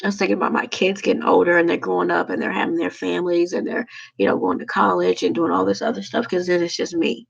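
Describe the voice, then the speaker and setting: A woman talking to her viewers in a rambling, halting, heartfelt way about prayer and loneliness. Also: on the low side, little pitch movement, gravelly, slightly rough, muffled recording. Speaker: vlogger. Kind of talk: casual heartfelt monologue.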